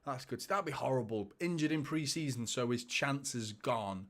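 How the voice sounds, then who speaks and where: A man's voice: mid-range voice, moderate pace, fairly bright tone. A man, hosting a live football watchalong, chatting casually and laughing as he reads viewer comments. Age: 30s.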